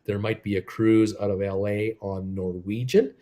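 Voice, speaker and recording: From home in Creston, the host of a live cruise news stream reads viewer comments, upbeat, jokey, and rambling, and chats with his wife off-mic. His voice is on the low side and mellow, with flat delivery at normal speed.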